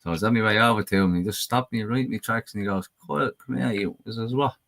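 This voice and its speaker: Deep-voiced man telling stories. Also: racing, fairly bright tone, no echo. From Ireland. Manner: rambling, swearing storyteller. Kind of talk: casual chat.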